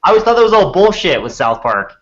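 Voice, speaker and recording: A man's voice: high voice, big pitch swings, quick pace. A man chatting casually over a laptop video call, easily amazed and restarting his sentences while he fiddles with his setup. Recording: dull lo-fi video call audio.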